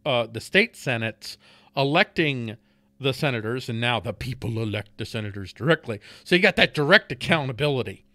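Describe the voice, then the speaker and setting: A man's voice: medium pitch, lively intonation, fairly quick, bright, forceful tone, no room sound. A man hosting a podcast, delivering a profane political rant in a heated way, stumbling over and repeating words and laughing between points. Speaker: podcast host.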